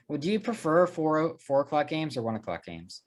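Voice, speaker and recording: A man hosting a casual sports podcast, leading the picks with quick, teasing banter. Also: on the high side, very animated. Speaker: podcast host.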